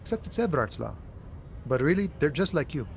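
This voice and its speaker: A man's voice: on the high side, sing-song, a little fast, gravelly, slight background noise. An actor playing a laid-back, philosophical male dock worker in a video game, with an easygoing, folksy manner. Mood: musing. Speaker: game character.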